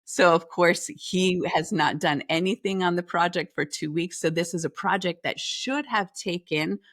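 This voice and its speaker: Lively storytelling woman, lowish voice. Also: moderate pace, dry recording, clean studio sound. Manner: lively storyteller who acts out the dialogue; talks through restarts and filler phrases. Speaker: podcast guest, leadership coach. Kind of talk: personal anecdote in an interview.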